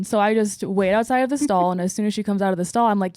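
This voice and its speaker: Brief: young woman co-host, mid-pitched, lively storyteller, dry close studio sound. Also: fast, no echo. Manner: lively retelling with acted-out quotes. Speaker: podcast co-host, bar security. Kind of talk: casual chat, animated storytelling.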